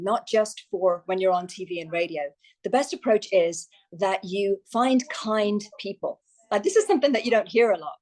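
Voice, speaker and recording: A woman's voice: medium pitch, a little mellow, poor audio. A woman guest on a podcast, a success coach talking candidly and telling stories in a chatty way. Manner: chatty, candid storytelling with quoted asides. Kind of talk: podcast interview.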